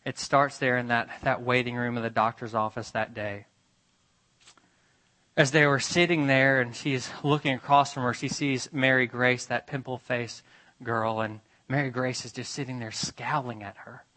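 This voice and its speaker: A male pastor delivers a storytelling sermon with a bright, forceful tone. He builds scenes with urgency, then drops to a hushed, deliberate hush to land a point. His pitch sits in an ordinary middle range. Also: steady tone, poor audio. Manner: dramatic retelling, swinging from urgent to hushed.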